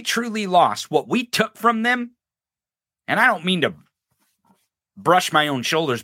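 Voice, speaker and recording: A man's voice: a little high, bright, forceful tone, dry recording, studio quality. Mocking, profane man hosting a podcast. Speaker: podcast host. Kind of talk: casual political commentary. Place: live-streamed podcast set.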